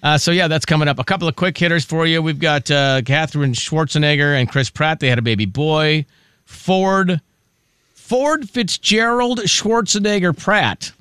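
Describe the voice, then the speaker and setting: A man's voice: fairly high pitch, fairly even intonation, fast talker, hardly any pauses, fairly bright tone, clean tone, no echo, studio quality. A man co-hosting a casual morning radio show, chatting and joking through entertainment news. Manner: chatty, jokey storytelling. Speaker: radio co-host. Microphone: studio mic.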